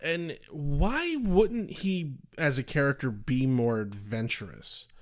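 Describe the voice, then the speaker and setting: A man's voice: medium pitch, animated, slow pace. A young man co-hosting a casual chat, swearing freely and firing off exasperated rhetorical questions. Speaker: podcast co-host.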